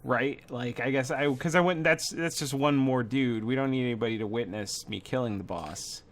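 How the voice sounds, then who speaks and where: A man's voice: medium pitch, normal speed. A man playing a tabletop game, joking and laughing between his turns. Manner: playful, joking, laughs often. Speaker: player.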